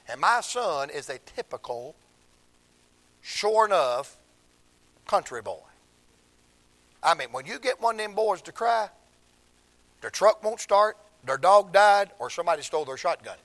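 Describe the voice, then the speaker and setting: An older man, preaching a sermon through emotional stories, swinging from hushed tones to shouts. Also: high voice, sing-song, a little slow, pauses often.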